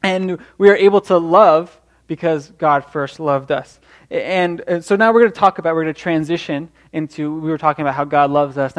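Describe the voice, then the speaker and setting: A young man preaches a sermon full of earnest encouragement. For a male voice his sits slightly high, and he frequently trips over his words and starts phrases again.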